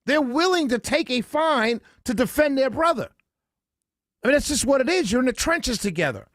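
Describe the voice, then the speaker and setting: A man with a high-pitched voice hosts a talk radio show from a studio microphone. He sounds emphatic and opinionated, thinking out loud as he goes. The sound is dry and close. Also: sing-song, moderate pace, no room sound.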